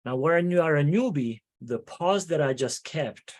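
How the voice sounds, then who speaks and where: A man hosting a casual interview about public speaking, talking in an animated way and often repeating words as he starts a thought. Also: on the high side, measured pace. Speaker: host.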